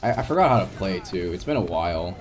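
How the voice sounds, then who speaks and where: A man's voice: deep voice, lively intonation, fast, darkish tone, slight background noise. A man streaming a game, chatting casually with viewers in a rambling, open and emotional way, often laughing and restarting his sentences. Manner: openly emotional, reassuring chat. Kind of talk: casual live-stream chat.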